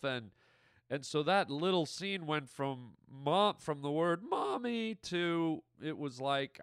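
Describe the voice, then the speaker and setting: A man's voice: fairly high pitch, a bit bright, clean tone, no room sound, studio quality. A man, an actor and comedian, telling a rambling, playful story in a casual recorded message.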